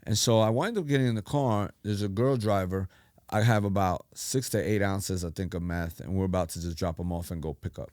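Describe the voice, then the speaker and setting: A middle-aged man, a pastor, telling his life story in animated casual talk and acting out the voices he quotes. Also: low voice, fairly quick, dry recording, studio quality. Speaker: pastor, podcast guest.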